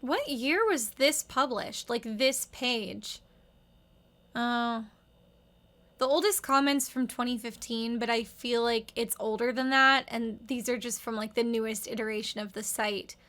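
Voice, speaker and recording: A woman's voice: fairly high pitch, a little slow, a bit bright. A woman in her thirties giving rambling, wry casual commentary with lots of "like". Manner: wry, rambling, heavy use of "like". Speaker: video essayist.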